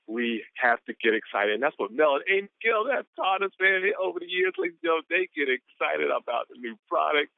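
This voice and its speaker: A man's voice: a little high, vocal fry, dry recording. Hyped-up guy on a conference call, hollers woo, tinny phone sound, dry. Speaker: call presenter.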